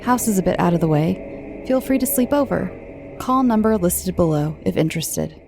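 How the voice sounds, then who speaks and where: Soft-spoken American woman with a gravelly, mellow voice. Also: on the low side, expressive, normal speed, slight background noise. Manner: soft-spoken, friendly, drops into whispers. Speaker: host and storyteller. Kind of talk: calm horror story narration.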